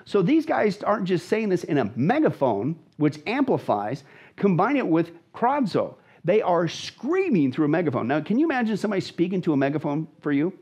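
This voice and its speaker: A man's voice: high voice, big pitch swings, fairly quick, a little mellow, breathy edge. A man, a pastor, teaching emphatically and dramatically about scripture as a guest in a conversation, repeating phrases for stress. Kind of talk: animated Bible teaching in conversation.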